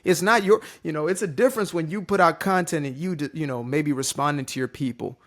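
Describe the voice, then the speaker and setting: A man's voice: a little high, fairly quick, fairly bright tone. A man giving an unscripted, motivational talk to his camera, joking and swearing casually as a content creator. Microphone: facing a ring light on camera.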